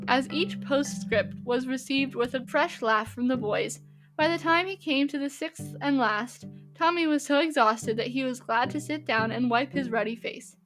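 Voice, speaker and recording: A woman narrating a classic storybook in a gentle, even reading manner. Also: high-pitched, moderate pace, over music. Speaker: audiobook narrator.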